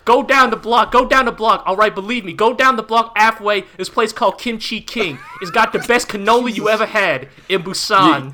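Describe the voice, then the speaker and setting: A man putting on a deliberately bad mock New York accent, playing a loud, boastful local guy. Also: high voice, a little hiss or hum.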